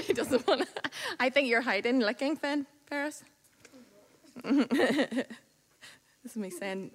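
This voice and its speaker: Lively woman leading a kids' talk in an echoey hall. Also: a little high, slow pace, long pauses. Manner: laughing, teasing, animated. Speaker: children's church leader. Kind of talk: playful children's talk. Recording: echoey hall with long reverb.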